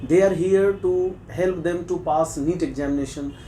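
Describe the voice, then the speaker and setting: A man's voice: a little high, moderate pace, warm tone, roomy sound, a little hiss or hum, rough recording. A man from Bihar with an Indian accent, conducting a mock job interview and pressing the candidate with challenging questions.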